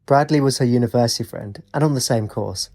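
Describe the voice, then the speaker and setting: A male narrator reads a fantasy novel aloud in a measured, even way. His mid-pitched voice has a noticeable gravelly texture. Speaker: audiobook narrator. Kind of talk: scripted narration.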